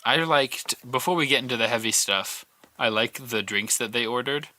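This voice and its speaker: A man's voice: mid-range voice, moderate pace, bright, forceful tone, dry recording. A man co-hosting a podcast in casual chat, rambling and piling up questions. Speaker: podcast co-host.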